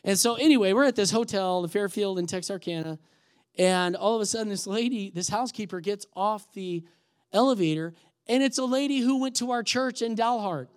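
A man preaches a storytelling sermon from the pulpit. His voice sits high for a man. He acts out the people in his stories and lifts into loud, emphatic stretches. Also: fairly quick, smooth. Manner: animated, acts out quoted voices, rises to shouted emphasis. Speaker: pastor.

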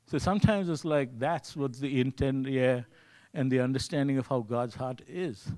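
A man's voice: mid-range voice, normal speed, a little mellow. A man preaching a sermon in a conversational way, often asking "you see" and acting out his own thoughts. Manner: acts out his own inner voice in quotes.

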